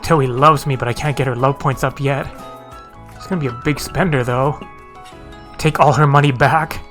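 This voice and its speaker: A man's voice: medium pitch, fairly even intonation, normal speed, long pauses, fairly bright tone. A man hosting a let's play, commenting casually and offhand, swearing and chuckling to himself. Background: game music.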